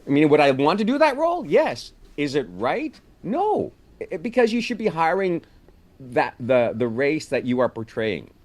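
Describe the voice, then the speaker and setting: Animated man telling stories. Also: a little high, moderate pace. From Canada. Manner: storytelling, animated. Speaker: actor guest. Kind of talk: casual interview chat.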